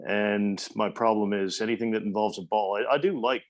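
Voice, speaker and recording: Newfoundland man in his forties, low and level voice, wry self-mocking guest storyteller. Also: steady tone, fairly quick, lo-fi sound. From Newfoundland, Canada. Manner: self-deprecating, humorous storyteller. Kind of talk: casual interview storytelling.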